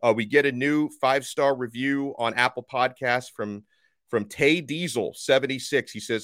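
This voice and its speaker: A man hosting a solo sports podcast, talking fast and with enthusiasm. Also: medium pitch, fairly bright tone, dry recording, clean studio sound.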